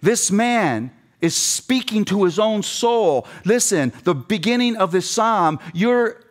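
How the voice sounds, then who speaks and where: In a seminary chapel, a middle-aged man delivers a fervent sermon to seminary students, driving points home through emphatic repetition. He speaks slowly and expressively in a high voice.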